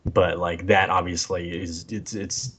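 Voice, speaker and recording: A man's voice: deep voice, fairly even intonation, unhurried, noisy background. Blunt young man chatting casually. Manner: blunt, swears, laughs often. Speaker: podcast co-host. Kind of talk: casual chat.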